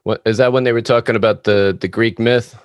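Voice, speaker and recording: A man's voice: mid-range voice, steady tone, a little fast, dry recording. A man hosting a podcast, asking short questions in a casual interview. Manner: brief backchannels and short questions. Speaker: podcast host.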